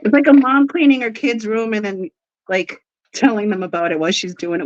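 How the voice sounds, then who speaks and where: A woman hosting a casual live stream, bubbly and quick to laugh, who baby-talks to her pets while she chats. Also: mid-range voice, steady tone, no room sound. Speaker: livestream host. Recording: dry, slightly dull livestream audio.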